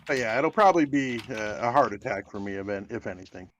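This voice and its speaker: A man chatting casually on a stream, hesitant and filling pauses with uh and like. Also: lowish voice, lively intonation. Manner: hesitant, lots of uh and like. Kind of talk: casual chat. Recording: dull lo-fi mic with faint hiss.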